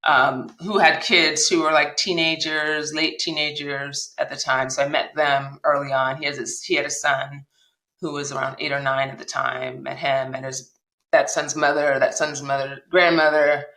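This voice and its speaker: Woman guest telling a story, bright forceful voice, lots of back and forth voices, echoey room. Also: low-pitched, normal speed. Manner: animated retelling, acts out quoted dialogue. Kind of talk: personal storytelling interview.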